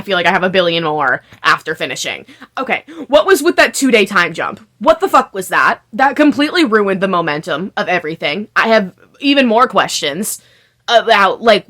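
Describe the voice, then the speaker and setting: A woman's voice: medium pitch, sharp tone. A young woman ranting in a casual vlog review, frustrated, swearing and full of fillers. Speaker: video creator.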